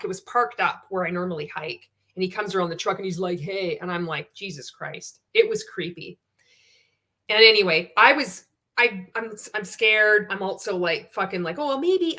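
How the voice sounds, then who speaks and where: A woman's voice: on the low side, pushed and bright. A woman hosting a live stream, reading out viewer comments and telling stories in a candid, swearing, casual way.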